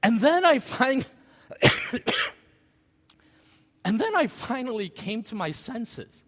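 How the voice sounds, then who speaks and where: A man's voice: very high voice, very animated, takes it slowly, a bit bright. A middle-aged man preaching a sermon as pastor, telling a personal story and asking the congregation rhetorical questions. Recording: long church hall reverb.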